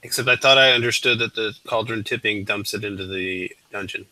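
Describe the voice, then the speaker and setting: A man's voice: on the low side, fairly quick, bright, forceful tone, dry recording, rough recording. A man playing a tabletop game, methodically asking questions about the scene. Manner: methodical, asks pointed questions. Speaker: player.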